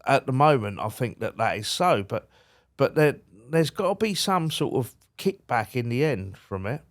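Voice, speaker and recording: A man talks in a loose, colloquial way, stumbling over his first words before settling into the story. His voice sits at an ordinary middle pitch, and he sounds like a podcast guest spinning anecdotes. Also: sing-song, normal speed. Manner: chatty, repeats words when starting, colloquial. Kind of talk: casual storytelling chat.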